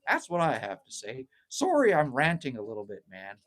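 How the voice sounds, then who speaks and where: A man's voice: medium pitch, huge pitch swings, a little fast, fairly bright tone. A middle-aged man hosting a casual livestream from a cabin, rambling and ranting, reading out viewer comments and swearing freely. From Canada. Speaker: livestream host. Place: outdoors at a cabin. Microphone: phone livestream.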